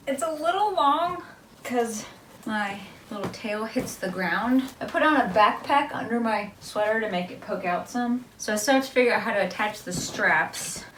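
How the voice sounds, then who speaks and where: A woman's voice: medium pitch, moderate pace, hardly any pauses, fairly bright tone, slight background noise. A woman chatting casually in a do-it-yourself craft vlog at home, rambling and joking at herself with little laughs. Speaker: vlogger.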